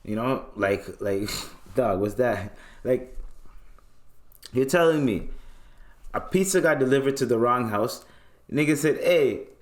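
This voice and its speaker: A man's voice: medium pitch, a little slow, long pauses. A young man from Canada hosting a casual solo podcast, talking in loose slang and acting out little scenes as he goes. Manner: loose, slangy and animated, acts out voices in bits. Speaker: podcast host.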